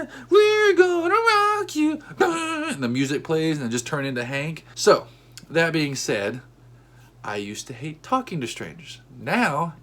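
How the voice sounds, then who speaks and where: A man telling a comedic story about his everyday life, animated, bursting into high-pitched outbursts when he acts out what people said.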